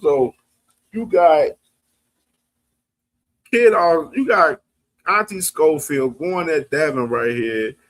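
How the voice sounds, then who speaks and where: A man's voice: a little high, slow, pauses often, fairly bright tone. A man hosting a boxing livestream, talking in loose, slangy, casual commentary. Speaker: boxing stream host.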